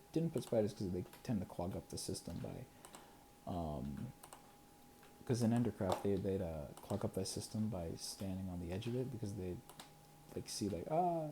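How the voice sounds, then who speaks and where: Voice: medium pitch, noisy background. A creator talking casually to themselves over gameplay, counting under their breath, chuckling and dropping into whispers now and then. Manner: muttering and counting to self, chuckling, sometimes whispering.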